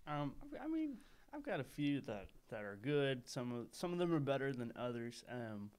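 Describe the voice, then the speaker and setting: A man's voice: mid-range voice, sing-song, normal speed, a little mellow, smooth. An easygoing man co-hosting a casual podcast chat, often laughing along. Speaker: podcast co-host.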